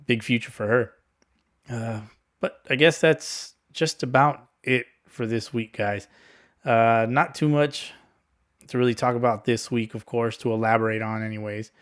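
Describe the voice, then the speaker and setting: A man hosting a casual solo sports podcast, talking in a rambling, laid-back monotone with some sarcasm and swearing. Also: medium pitch, measured pace, long pauses. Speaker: podcast host.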